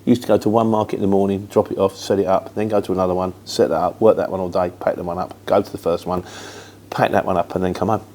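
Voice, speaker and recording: A middle-aged Englishman with a London-influenced Luton accent answers viewer questions in a casual, rambling, matter-of-fact chat. His voice is deep and darkish, with little pitch movement, and he talks at a quick pace.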